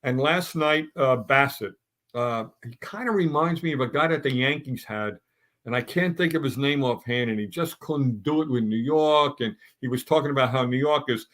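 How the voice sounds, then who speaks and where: A man's voice: mid-range voice, moderate pace, a bit bright. Blunt, fired-up man ranting about baseball. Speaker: sports talk panelist. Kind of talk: opinionated sports talk.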